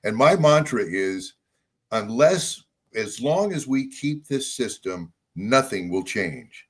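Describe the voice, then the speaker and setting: An older man, a guest on a political talk show, with a voice of ordinary middle pitch. He speaks insistently and keeps circling back to the same points. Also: lively intonation, takes it slowly, husky. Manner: insistent, conspiratorial, repetitive. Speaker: guest, local party chair. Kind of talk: political interview.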